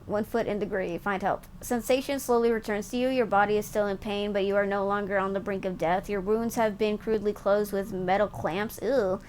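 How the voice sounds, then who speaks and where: A woman playing a game live on stream at her desk mic, reading the narration aloud and jumping in with excited slang reactions. A faint hiss of noise sits under her voice. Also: mid-range voice, fairly quick, hardly any pauses, low-quality recording.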